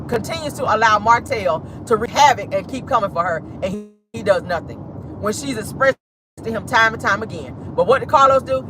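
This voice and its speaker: A woman's voice: a little high, noisy background. Sassy woman dishing celebrity gossip. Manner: animated, sassy, laughing, addresses viewers as y'all. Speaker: host. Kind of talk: casual celebrity gossip commentary.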